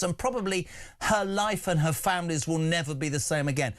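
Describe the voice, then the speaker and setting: Male talk radio host, fired-up and emphatic, a little high-pitched. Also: brisk, fairly bright tone. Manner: indignant, emphatic ranting. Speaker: radio breakfast show host.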